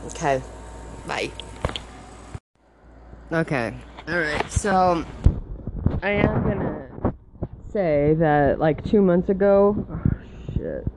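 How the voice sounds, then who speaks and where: A woman's voice: low voice, lively intonation, slow, pauses often. Swearing, venting woman vlogger at home. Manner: swears a lot, talks to herself, swings between frustrated and laughing. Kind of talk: venting casual monologue. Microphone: phone recording that sounds muffled. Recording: muffled phone audio, faint background noise.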